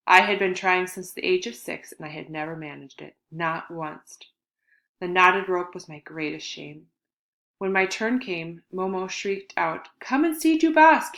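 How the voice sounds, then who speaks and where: Earnest woman audiobook narrator, lowish voice, dramatic swings, roomy echo. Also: a bit bright. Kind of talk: first-person audiobook narration. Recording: echoey room.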